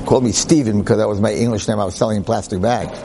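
A man with a lowish voice lectures at a rapid-fire pace over background noise, telling a personal story conversationally. He's animated and acts out the voices of the people in it.

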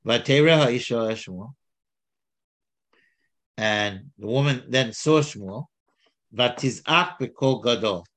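A man teaching a text study, reading Hebrew lines aloud and paraphrasing them in a casual, halting way. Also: medium pitch, a bit bright. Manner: halting, with many restarts and fillers. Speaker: Torah teacher.

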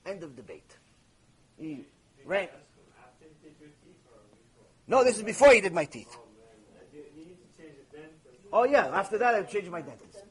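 A man, a rabbi, giving a Torah lecture and telling a story in an emphatic, animated way full of rhetorical questions. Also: high voice, slow pace, pauses often.

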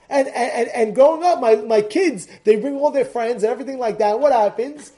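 An excitable man with a strikingly high voice, teaching a Torah lesson. He restarts and repeats phrases and keeps bursting into shouts to drive his point home. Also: a little fast, few pauses. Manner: excitable, often breaks into shouting.

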